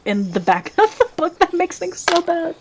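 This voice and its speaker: A woman narrating as game master of a tabletop role-playing game, giggly and lively. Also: very high-pitched, moderate pace, noisy background.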